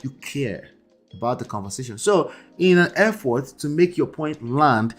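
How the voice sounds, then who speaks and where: A man's voice: mid-range voice, animated, normal speed, faint music behind. A man hosting relationship commentary, reacting to a debate clip in an emphatic way that keeps checking in with the listener. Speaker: relationship coach and host.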